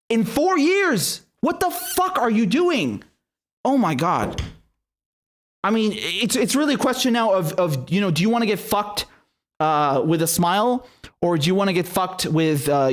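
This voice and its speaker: A man hosting political commentary, ranting in an angry, sarcastic and profane way with mocking asides. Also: high voice.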